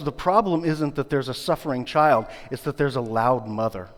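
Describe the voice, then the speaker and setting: A man preaching a sermon as pastor, earnest and building his points through rhetorical repetition. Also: medium pitch. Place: church sanctuary. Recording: long reverb of a church hall.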